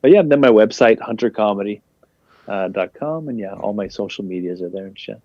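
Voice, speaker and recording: A man's voice: lowish voice, expressive, brisk, no echo. A young man, a guest comedian, rambling casually through an interview in a laid-back way. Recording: dull lo-fi dry sound.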